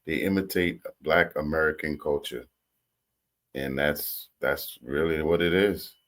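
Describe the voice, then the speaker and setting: Very deep-voiced male reaction host. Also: a little slow, fairly bright tone. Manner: jokey, interjecting, addresses viewers. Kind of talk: casual reaction commentary.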